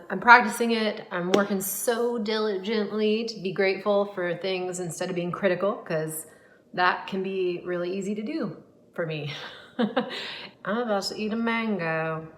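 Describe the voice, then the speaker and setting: A woman's voice: fairly low pitch, fairly bright tone. A woman gut health coach talking to camera in a casual, earnest, reflective way, with frequent fillers and restarts.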